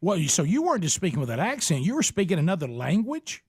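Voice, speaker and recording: A man hosting a talk radio show, easygoing and quick to laugh. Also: high-pitched, huge pitch swings, breathy edge, no echo. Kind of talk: casual radio chat.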